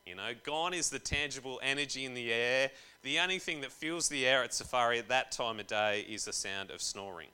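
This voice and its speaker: Animated man preaching. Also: mid-range voice, brisk, hardly any pauses, smooth. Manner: casual, jokey, animated preaching with slang. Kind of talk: sermon.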